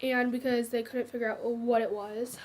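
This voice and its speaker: A woman's voice: on the high side, flat delivery, moderate pace, darkish tone, a little hiss or hum. A teenage girl telling her own cancer story in a hesitant, casual way, full of fillers and restarts.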